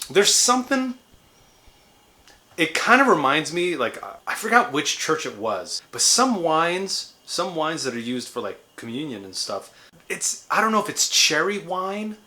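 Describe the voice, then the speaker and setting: A man in his thirties talks through a casual beer review in a bright, forceful voice. He keeps it loose and chatty, tossing in playful jokes as he goes. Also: a little high, sing-song, normal speed. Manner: playful, jokey, chatty asides. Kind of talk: casual food and drink review vlog.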